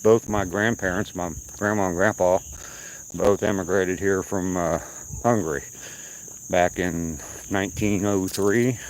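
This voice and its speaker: Deep-voiced older man, slight Southern twang. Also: fairly even intonation, measured pace, slight background noise, poor audio. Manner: rambling, chatty, answers viewers' comments. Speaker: live-stream host. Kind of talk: casual live-stream chat while walking. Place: outdoors at night on a walk.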